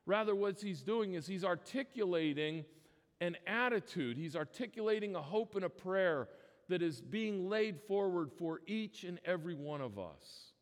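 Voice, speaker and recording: A man's voice: high voice, lively intonation, moderate pace. A man preaching a sermon as pastor, earnest and emphatic, often restarting his phrases. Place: church sanctuary. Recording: long church reverb.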